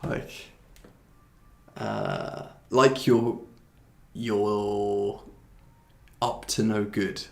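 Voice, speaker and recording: A man's voice: on the low side, flat delivery, very slow, creaky, long pauses. A British man giving a casual language lesson, chatty and self-deprecating, often restarting his sentences as he searches for the right words. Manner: laughs at himself. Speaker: English teacher. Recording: roomy echo.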